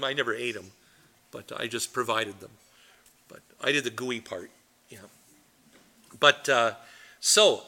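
Middle-aged pastor guy teaching bible study, sharp punchy voice, a bit high, rambles off into stories. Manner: animated, rambling storyteller.

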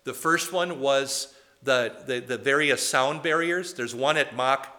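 A man's voice: medium pitch, a little slow, pushed and bright. A man preaching a conversational sermon, chatty and digressive, often asking the congregation questions.

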